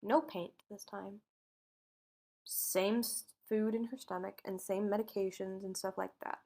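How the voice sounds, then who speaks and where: A woman's voice: mid-range voice, steady tone, measured pace, gravelly, mellow. A woman co-hosting a podcast, telling a true crime story in a casual way and acting out what people said. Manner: acts out quotes, sometimes drops to a whisper.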